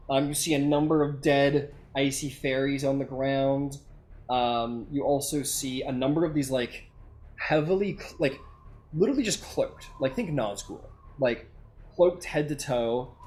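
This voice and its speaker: A man's voice: mid-range voice, a little mellow. Male game master, casual, filler-heavy narration. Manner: rambling, with many fillers like "um" and "like".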